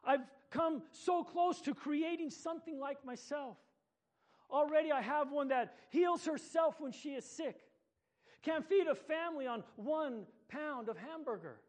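An eager, proud creator speaks here, earnest and sure of his work, read aloud by a man. The voice sits very high for a man. It is read like a storybook. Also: unhurried.

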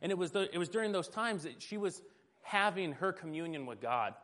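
Male preacher, fairly high voice, casual storytelling sermon, self-deprecating. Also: lively intonation, brisk, a bit bright.

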